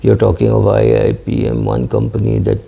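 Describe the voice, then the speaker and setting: A man's voice: on the low side, completely flat delivery, fairly quick, gravelly. A middle-aged man hosting a finance channel, answering viewer questions in a casual, hesitant way, with many fillers and restarts. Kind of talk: casual talk reading and answering comments. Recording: dull lo-fi sound.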